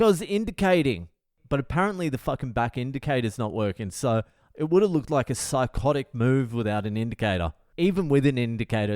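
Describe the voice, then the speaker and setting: A middle-aged Australian man hosts a podcast, casually telling a story in a medium-pitched voice. He's animated and profane, swearing a lot and laughing at himself. The sound is clean studio quality with no room sound.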